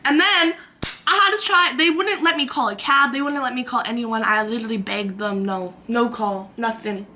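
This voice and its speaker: A woman in her twenties tells a story to the camera in a chatty, animated way, acting out the quotes and saying "like" often. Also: high-pitched, fairly quick, a little hiss or hum. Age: 20s. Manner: animated, acts out quotes, lots of "like". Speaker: vlogger.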